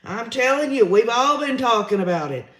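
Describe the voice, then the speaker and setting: A man's voice: extremely high pitch, lively intonation, normal speed, a bit bright, reverberant. A man, hosting a livestream, giving his opinions in a chatty way and reading out viewer comments. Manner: chatty, opinionated, says y'all often. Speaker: livestream host reading chat.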